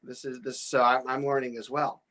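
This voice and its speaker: A real estate broker hosting a podcast speaks at a medium pitch, level and a bit bright, slightly fast. He tells a rambling story full of restarts and stammered repeats, laughing often along the way.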